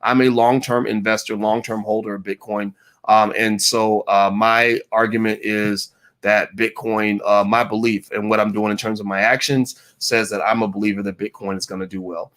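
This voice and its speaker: A man's voice: lowish voice, little pitch movement, moderate pace, a bit bright. A middle-aged man hosting a casual livestream Q&A, reading viewer comments aloud in an upbeat way with frequent fillers. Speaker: host answering viewer questions.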